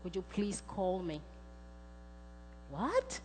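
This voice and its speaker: A woman's voice: mid-range voice, a little slow, a little hiss or hum. A middle-aged woman giving a sermon with a personal testimony, earnest and storytelling in manner. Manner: earnest, storytelling, acts out quoted dialogue. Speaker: speaker. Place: church sanctuary. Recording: long church reverb, faint music.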